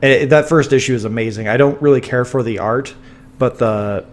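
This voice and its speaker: Talking fairly quickly in a medium-pitched voice, a man co-hosts a laid-back podcast from his home over a sensitive studio mic. He's eager and rambling, full of fillers and restarts, while battling a dry cough.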